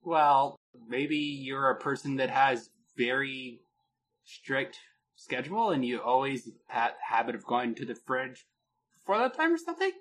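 A man co-hosting a casual podcast, telling a product story with a lot of pitch movement and laughing at his own jokes. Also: very animated, unhurried, fairly bright tone, slight background noise. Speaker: podcast co-host.

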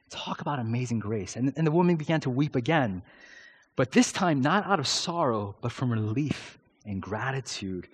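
A male pastor delivering a sermon in an ordinary mid-range voice. His delivery is impassioned, with big swings between loud, emphatic lines and low, quiet drops. He fills his pauses with frequent "uh"s as he tells his story. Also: expressive, husky. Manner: uses filler "uh" often.

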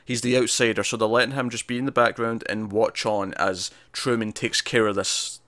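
A man's voice: fairly low pitch, little pitch movement, moderate pace, fairly bright tone, no room sound. A man co-hosting a casual review chat, talking in an analytical way with lots of restarts. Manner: chatty, analytical, frequent restarts. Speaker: podcast co-host.

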